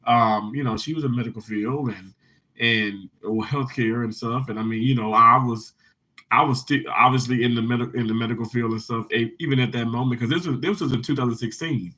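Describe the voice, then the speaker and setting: Man, livestream host, casual chat, rambling storyteller, bright tone, webcam mic. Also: medium pitch, a little fast, poor audio. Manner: rambling, heartfelt storytelling with many restarts; lively and upbeat greeting viewers. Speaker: livestream host reading viewer comments.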